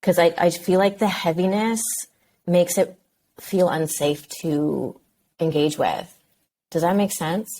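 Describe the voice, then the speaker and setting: Low-voiced woman, hesitant and thoughtful. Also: slow, mellow, a little hiss or hum. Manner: thoughtful, hesitant, many fillers and restarts. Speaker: podcast guest. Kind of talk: candid interview conversation.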